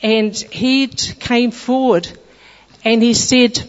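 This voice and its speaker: Aussie woman telling her church testimony, earnest and halting, long echo off the hall. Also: a little high, fairly even intonation. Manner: earnest, halting retelling with restarts. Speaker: church member giving testimony. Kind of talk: testimony storytelling. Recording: dull lo-fi with long hall reverb.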